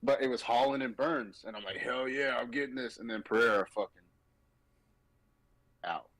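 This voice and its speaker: A man hosting a casual sports betting podcast, animated and mocking as he talks. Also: medium pitch, brisk, dry recording, poor audio. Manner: animated, mocking, quotes people in sarcastic voices. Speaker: podcast host.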